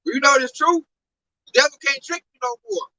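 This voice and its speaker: A man's voice: very high voice, brisk, bright, forceful tone, slight background noise. A man preaching an informal sermon with fervor, studding his talk with "you know" and "man," recorded from a distance. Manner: fervent, heavy use of "you know" and "man". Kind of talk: informal sermon teaching scripture.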